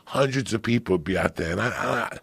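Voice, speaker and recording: Gravelly profane man telling stories. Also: lowish voice, a little fast, no room sound. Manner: profane, animated storytelling. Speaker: podcast guest storyteller. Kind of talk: casual chat, storytelling.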